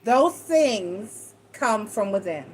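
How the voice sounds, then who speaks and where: A woman's voice: medium pitch, animated, takes it slowly, darkish tone, a little hiss or hum, rough recording. A woman giving a casual, rambling tarot reading, frank and a bit salty, acting out quoted talk with a raised voice. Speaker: tarot reader.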